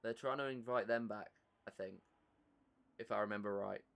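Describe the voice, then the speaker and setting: A man's voice: lowish voice, fairly even intonation, normal speed, vocal fry, a bit bright. English man commentating a sim race. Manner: chatty, reads out and answers viewer chat. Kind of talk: live esports race commentary.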